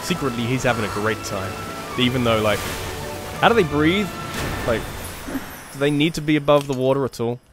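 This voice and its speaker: A man hosting a let's play, commentating on gameplay in an animated, sweary, self-mocking way. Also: medium pitch, normal speed, long pauses, over loud music.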